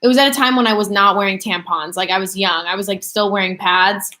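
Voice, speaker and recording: Speaking fast with a sharp tone, a woman in her twenties chats on her livestream at medium pitch. As host, she wanders loosely through viewer questions, leaning heavily on fillers.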